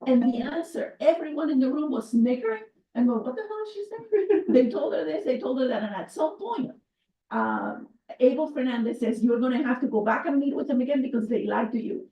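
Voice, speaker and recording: A woman's voice: high voice, expressive, brisk, a little hiss or hum. A woman on an advisory board, speaking with emphasis at a public meeting and recounting what happened. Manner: impassioned, emphatic storytelling. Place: town meeting room. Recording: echoey room from a distant mic, muffled.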